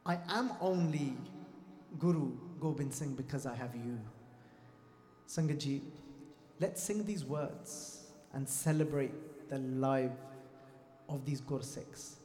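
A man's voice: medium pitch, takes it slowly, long pauses, dark tone. A man giving a fervent sermon to a congregation, repeating lines emphatically and addressing the crowd directly. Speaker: Sikh preacher. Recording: echoey hall with faint music.

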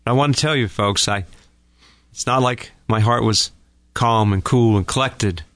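A middle-aged man, a couples therapist, hosts a radio talk segment and tells a personal story in a calm, folksy way to listeners he calls folks. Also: mid-range voice, a little slow, no echo.

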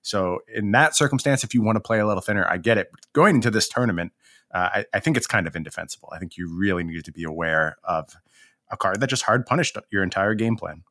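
A man gives firm opinions on a card game in a measured, conversational way, often stammering as he restarts a sentence. His voice is low. The sound is dry and close, with almost no room around it. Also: lively intonation, a bit bright, no echo. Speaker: podcast co-host. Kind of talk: casual card game podcast chat.

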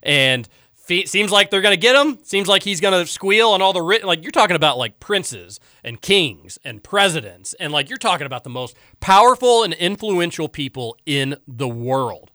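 Animated, bright-voiced male talk host. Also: sits high, no room sound, studio quality. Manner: animated, emphatic and quick to rant. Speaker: radio talk show host. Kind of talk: casual sports talk, reading listener texts.

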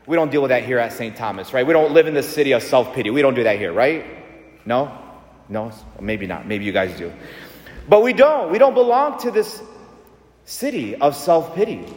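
A man's voice: medium pitch, lively intonation, normal speed, darkish tone. A male pastor preaching a sermon, emphatic and repetitive, leading the congregation in call-and-response. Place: large church. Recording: echoey church hall.

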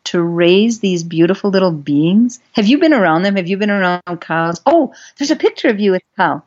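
A woman's voice: mid-range voice, brisk. Earnest woman telling stories. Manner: earnest, gentle, animated when telling stories. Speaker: guest, animal rights advocate. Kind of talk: conversational podcast storytelling. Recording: dull lo-fi sound.

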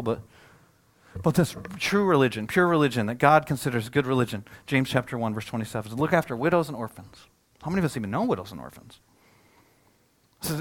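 A male pastor delivering a sermon in a fairly high voice, recorded dry and close with little room sound. He swings between rising, forceful emphasis and quiet, low asides, and he acts out the people he quotes. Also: dry recording.

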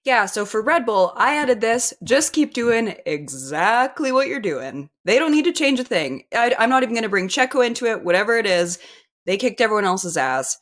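A woman's voice: a little high, moderate pace. Chatty female sports podcast co-host. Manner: animated, laughs often. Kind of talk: casual sports chat.

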